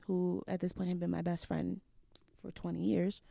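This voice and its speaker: A young woman, a guest on an interview show, telling a story casually and acting out what people said with big swings in pitch. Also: moderate pace, creaky, no room sound, studio quality. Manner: animated, acts out quotes with big jumps in pitch.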